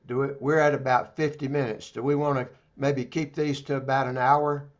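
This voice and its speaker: A man's voice: mid-range voice, little pitch movement, moderate pace, lo-fi sound. A man interviewing a guest, keeping things on schedule with brief prompts and time checks. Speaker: interviewer, life coach. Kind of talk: casual interview.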